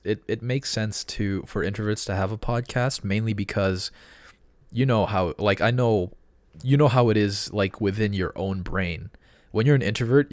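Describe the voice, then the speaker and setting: A man's voice: on the low side, no echo. A man co-hosting a podcast in casual chat, laid-back and loose. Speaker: podcast co-host.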